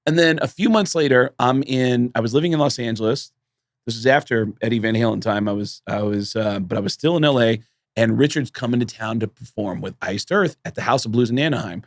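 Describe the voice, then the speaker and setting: A man's voice: medium pitch, brisk, no room sound, clean studio sound. A man co-hosting a podcast, telling road stories in casual chat and acting out what people said. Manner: animated storyteller, acts out quoted voices. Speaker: podcast co-host.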